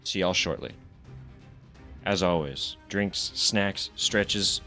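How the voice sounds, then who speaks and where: Relaxed male streamer for casual gameplay talk; low voice, loose and profane. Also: slow pace, faint music behind. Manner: laid-back, swears and laughs easily.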